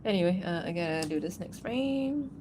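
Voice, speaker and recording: A woman's voice: lowish voice, animated, moderate pace, background noise. A woman animator chatting casually on a livestream, rambling and giggling, with lots of fillers. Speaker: animator streaming while answering chat.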